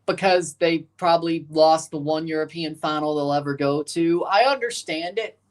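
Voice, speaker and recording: This man's voice sits a little high and moves at a moderate pace. He's running a live watchalong of a match, rambling casually, reacting in real time and replying to people in his chat.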